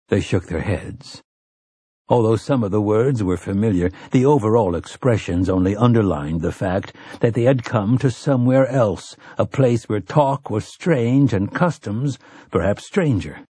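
A man reading an audiobook in steady, measured scripted narration. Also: lowish voice, husky, dry recording, clean studio sound.

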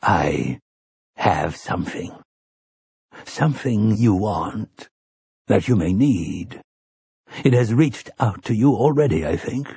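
A man voicing an earnest middle-aged priest who talks quickly and a little pleadingly. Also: medium pitch, very animated, darkish tone, husky, no echo, full character voice.

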